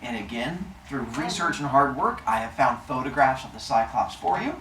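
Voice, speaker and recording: Brief: male storyteller, lively up-and-down delivery, joking, roomy live room with faint hum. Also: medium pitch, moderate pace, far from the mic. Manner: playful, jokey asides. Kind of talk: comic myth storytelling to an audience.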